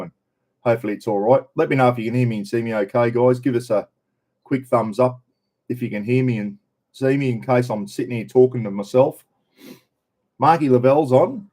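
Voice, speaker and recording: A man's voice: medium pitch, warm tone. An Australian man hosting a casual live stream, greeting viewers by name in a chatty, laid-back way. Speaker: livestream host. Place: in a caravan on the road.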